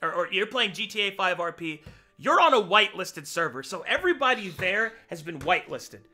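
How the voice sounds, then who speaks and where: A man rants in an angry, swear-filled outburst during casual talk. His voice sits high and sounds sharp and very bright. Faint music plays under him. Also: big pitch swings, fairly quick. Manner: heated, swearing rant. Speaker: tabletop game player. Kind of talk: casual chat.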